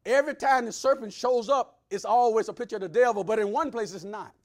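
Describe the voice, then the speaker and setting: A man preaching a sermon, swinging between loud preaching and hushed asides. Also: high voice, quick pace. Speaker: pastor.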